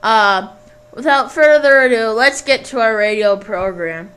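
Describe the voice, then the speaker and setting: A woman's voice: fairly high pitch, measured pace, a bit bright, clear, resonant tone, poor audio. A woman hosting a homemade radio show in a rambling, self-deprecating, jokey way.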